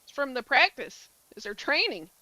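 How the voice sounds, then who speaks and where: A woman's voice: sits high, big pitch swings, moderate pace, bright, forceful tone, dry recording, low-quality recording. A woman from the States, chatting casually with her stream while playing a game, full of filler likes. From southern United States. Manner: chatty, answers chat, many filler likes. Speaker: gaming streamer.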